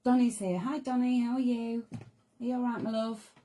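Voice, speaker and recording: A woman with a croaky voice hosting a live card-making demonstration, chatting in rambling asides to her viewers. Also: a little high, fairly even intonation, normal speed, warm tone. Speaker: crafting host.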